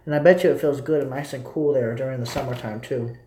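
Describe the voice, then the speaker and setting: A man's voice: medium pitch, steady tone, quick pace, warm tone, echoey room, a little hiss or hum. A young man casually rambling to his viewers as a streamer. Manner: rambling, repetitive, talking to viewers. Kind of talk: casual live commentary.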